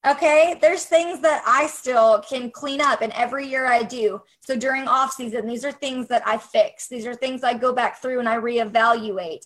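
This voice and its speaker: High-voiced upbeat woman coaching on a livestream. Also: a bit bright, poor audio. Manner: upbeat, encouraging, talks straight to viewers. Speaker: photography business coach. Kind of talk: casual livestream to a group.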